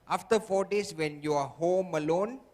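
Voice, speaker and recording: Casting: emphatic sales trainer, man with a high voice, long hall echo. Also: moderate pace, darkish tone. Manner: emphatic, repetitive, constant "okay?" checks with audience. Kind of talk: motivational seminar talk. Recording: echoey hall.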